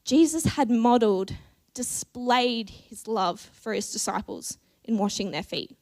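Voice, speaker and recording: A woman preaching a church sermon in a measured, earnest way, with deliberate pauses. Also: on the high side, lively intonation, a little mellow.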